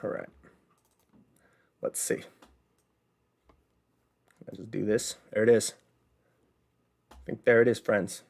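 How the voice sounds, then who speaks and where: A man's voice: on the low side, steady tone, slow, vocal fry, long pauses, darkish tone. A man hosting a casual livestream from home, chatting in a rambling way with plenty of fillers. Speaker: host. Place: home, building bricks.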